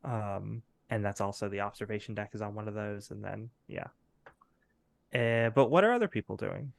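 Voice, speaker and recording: A man's voice: fairly low pitch, normal speed, vocal fry, no echo. A man narrating as game master of a tabletop game, rambling with many fillers and laughing often.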